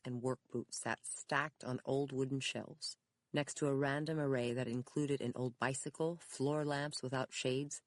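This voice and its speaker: An audiobook narrator reading a mystery in a steady, measured storytelling manner. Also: medium pitch, dry recording. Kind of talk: scripted narration.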